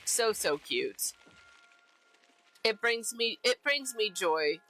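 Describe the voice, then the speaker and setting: A woman's voice: mid-range voice, expressive, slow, fairly bright tone, faint music behind, poor audio. A woman streamer chatting casually while she plays a game, bubbly and repeating herself often. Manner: bubbly, repeats herself, giggly silly name-calling.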